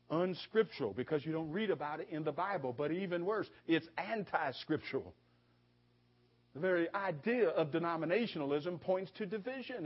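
A man with a husky, slightly high voice delivering a sermon. He presses each point with repetition and stammered restarts. The recording sounds dull and lo-fi. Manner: emphatic, repeating phrases with stammered restarts. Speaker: preacher.

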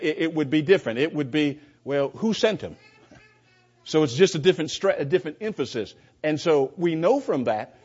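A man's voice: a little high, a little mellow, breathy edge. A man teaching a Bible class in an emphatic way, asking rhetorical questions and often repeating his words. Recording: dull lo-fi recording.

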